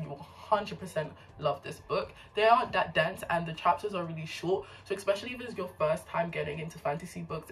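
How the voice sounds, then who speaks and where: A woman's voice: fairly low pitch, recorded from a distance, slight background noise, poor audio. A woman book vlogger in casual chat, talking with gushing enthusiasm.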